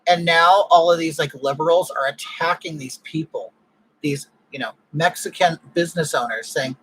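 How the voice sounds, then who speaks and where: A man's voice: a little high, normal speed, fairly bright tone, slight background noise, poor audio. A man from California hosting a casual livestream chat, ranting bluntly with strong opinions. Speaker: livestream host.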